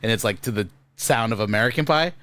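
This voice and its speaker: A man's voice: lowish voice, quick pace, fairly bright tone. A man hosting a casual podcast, rambling and laughing as he retells stories. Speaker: podcast host.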